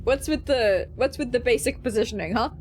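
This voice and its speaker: A woman's voice: a little high, brisk, heavy background noise. A woman streamer giving wry, chatty commentary on a game and reading item text aloud.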